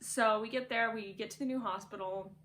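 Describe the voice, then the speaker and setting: A woman's voice: a little high, brisk, a bit bright. A young woman casually telling a birth story from her bedroom, chatty and laughing, full of "like".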